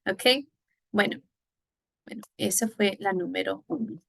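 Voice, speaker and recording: A woman's voice: medium pitch, normal speed, gravelly, a bit bright, dry recording, poor audio. A woman teaching a Spanish lesson, explaining patiently step by step and moving between English and Spanish. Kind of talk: recorded classroom lesson.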